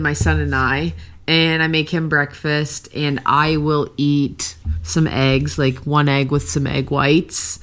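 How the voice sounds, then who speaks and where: Lively woman guest, athlete. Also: deep voice, clean tone. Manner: lively, laughing, explains in detail. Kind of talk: casual interview chat.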